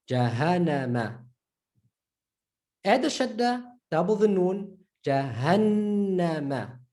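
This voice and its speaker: Lively, patient woman teaching a lesson. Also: medium pitch. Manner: slowly drawn-out word demonstrations; patient, repeats and checks in with learners. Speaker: Arabic reading teacher. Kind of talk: online lesson.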